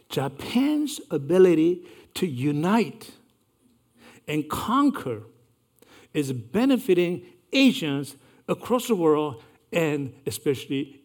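Man, sixties, earnest storyteller, slightly high voice, measured delivery. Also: darkish tone. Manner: earnest, measured recounting with occasional restarts. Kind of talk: personal storytelling.

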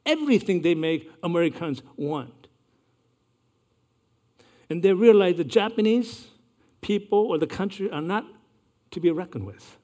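A man's voice: high voice, expressive, mellow. Older man telling a story. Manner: earnest, measured recounting with occasional restarts. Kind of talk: personal storytelling.

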